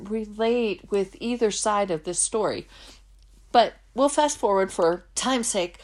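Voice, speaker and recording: A woman's voice: mid-range voice, measured pace. A middle-aged woman hosting a faith-based podcast, telling personal stories casually and acting out the people she quotes. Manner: storytelling, acts out quoted voices. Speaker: podcast host.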